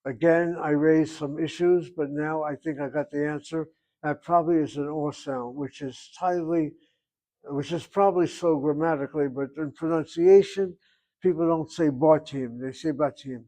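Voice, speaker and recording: A man's voice: a little high, steady tone, moderate pace, mellow. Older man teaching a grammar class. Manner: thinks aloud, reasoning back and forth. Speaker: Hebrew teacher.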